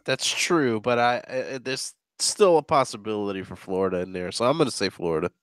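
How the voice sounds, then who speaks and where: A man's voice: lowish voice, fairly quick, a bit bright, clean tone, no echo. A man taking part in a casual podcast quiz, hesitant and restarting as he decides. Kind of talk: casual chat.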